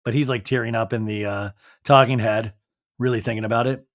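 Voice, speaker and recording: A man hosting a podcast, recapping a show in a jokey, animated way and acting out quotes. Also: medium pitch, brisk, dry recording, studio quality. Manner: animated, jokey, acts out quotes in different voices. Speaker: podcast host. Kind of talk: casual recap commentary.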